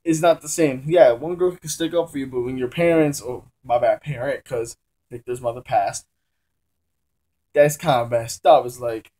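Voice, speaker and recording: A man's voice: medium pitch, normal speed, mellow. A young man casually reviewing a comic book at home, rambling and often correcting himself as he talks in loose slang. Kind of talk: casual chat. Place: room at home during a move.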